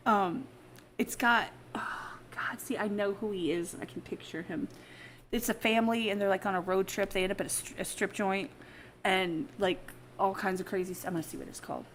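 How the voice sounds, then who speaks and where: A woman's voice: mid-range voice, fairly quick, a little hiss or hum. A woman chatting casually on a podcast, telling stories with lots of laughter. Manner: laughs often, animated storytelling. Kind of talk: casual chat.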